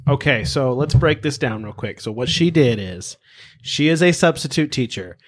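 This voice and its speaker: A man's voice: medium pitch, lively intonation, moderate pace. A young man co-hosting a podcast, swearing freely and laughing often. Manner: profane, laughs often, loud. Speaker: podcast co-host. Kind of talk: crude comedic banter.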